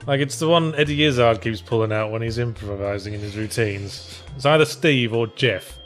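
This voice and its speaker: A man's voice: mid-range voice, normal speed, soft background music. Sardonic man joking over gameplay. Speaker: let's play co-host. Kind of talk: casual gameplay commentary.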